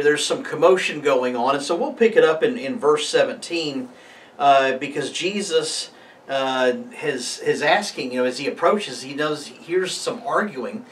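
A man's voice: medium pitch, a bit bright, far from the mic. A man preaching a casual mid-week devotional, reading scripture aloud and talking it through with many fillers and restarts.

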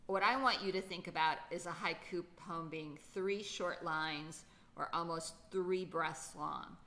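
Slow, low-voiced woman teaching poetry. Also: a bit bright. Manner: patient, thinking aloud with fillers. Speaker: writing teacher. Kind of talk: children's poetry lesson.

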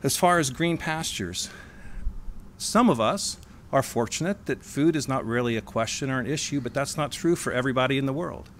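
A man giving a sermon in a church, stressing single words and slowing on key phrases. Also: mid-range voice, expressive, a bit bright, slight background noise. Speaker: sermonette speaker. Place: church hall.

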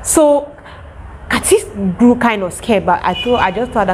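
A young Cameroonian woman telling a casual storytime to her viewers, lively and animated. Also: fairly high pitch, measured pace, slight background noise. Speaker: vlogger.

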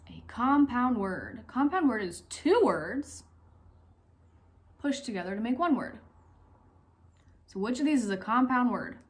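A young woman teaching phonics to young children in a recorded lesson. Her voice sits a little high, and she talks slowly and clearly, asking questions, pausing for answers and encouraging her pupils. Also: sing-song. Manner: slow, clear, encouraging teacher talk, asks questions and pauses.

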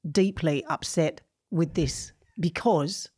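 A woman's voice: sits low, slow pace, dark tone, slightly rough. A middle-aged woman co-hosting a podcast with her son, laughing often and scolding in mock outrage. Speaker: co-host, the host's mother. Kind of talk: casual chat.

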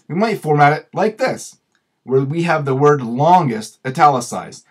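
Husky man explaining patiently. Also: a little high. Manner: patient, explains with examples, slows down to stress words. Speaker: grammar and communications video host. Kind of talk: explanatory tutorial talk.

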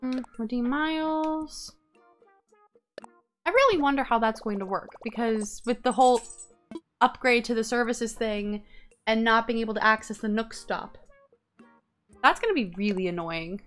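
A woman's voice: fairly high pitch, soft background music. A young adult woman streaming a life-sim game, chatting casually and reading game text aloud. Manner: chatty, reads game text aloud, quick swings from excited to irritated. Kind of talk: casual let's-play commentary.

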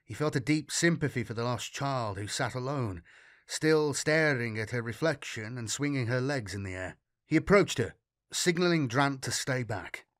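Expressive male audiobook narrator, dry sound. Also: mid-range voice, normal speed, no room sound. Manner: expressive storytelling reading. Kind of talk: scripted narration.

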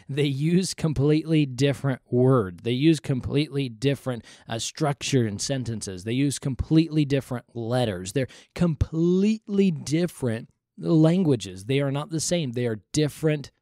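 A man's voice: medium pitch, dark tone, no echo. Guy doing a bible teaching podcast, earnest, keeps repeating stuff for emphasis, dry close sound. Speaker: podcast host.

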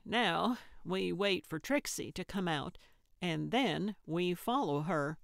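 Woman reading a cranky old lady detective: snappy, indignant, low, unhurried. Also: animated, creaky, no room sound, studio quality, full character voice. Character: blunt cantankerous old woman sleuth.

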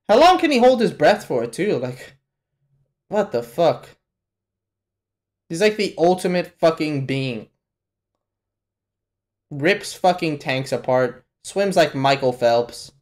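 A man hosting a live anime reaction, talking casually and profanely, with sudden loud exclamations at what he sees. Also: on the high side. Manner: casual slangy talk to the viewer. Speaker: reaction channel host.

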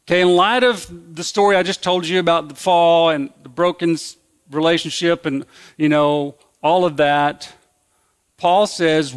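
A man's voice: a little high, expressive, unhurried, long pauses. A man preaching a sermon as pastor, in a conversational, folksy way that repeats and restarts phrases.

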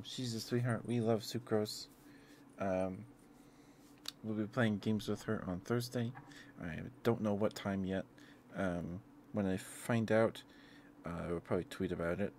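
A man with a low, deep voice chats casually with his stream viewers in a soft, unhurried ramble. He speaks close to the mic from a home streaming setup. A faint hiss sits under his voice. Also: steady tone. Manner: laid-back, meandering, soft-spoken. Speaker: ASMR streamer.

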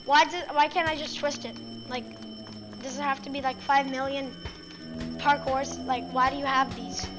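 This gaming video creator narrates her let's play with a high but flat voice at an ordinary pace. The game clearly frustrates and exasperates her as she talks to her viewers. Loud game music and other background noise fill the recording.

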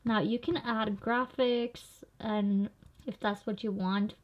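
A woman's voice: medium pitch, steady tone, slow. A young woman vlogger talking casually through a screen tutorial, explaining each click as she goes. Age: young adult. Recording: slightly dull lo-fi audio.

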